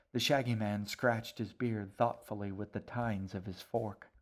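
A man narrating a story as an audiobook in a measured, expressive reading. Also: on the low side. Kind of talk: scripted narration.

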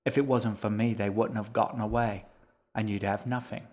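A man's voice: on the low side, takes it slowly. A man voicing a sullen, secretive young boy in an audiobook reading, answering tersely.

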